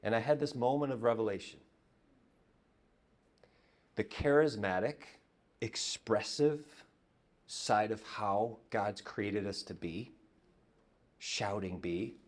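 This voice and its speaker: A man preaching a conversational sermon as pastor, telling stories and dropping to a hush on repeated words. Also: lowish voice, takes it slowly, pauses often. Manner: conversational, storytelling, drops to hushed repetitions. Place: church.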